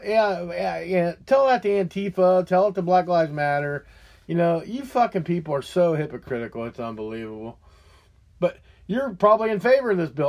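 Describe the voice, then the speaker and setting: A man tears through a profane political rant as the host of his own show. His voice sits high and leaps all over the place as the anger builds. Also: lively intonation, normal speed, a little mellow. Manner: heated, profane, ranting.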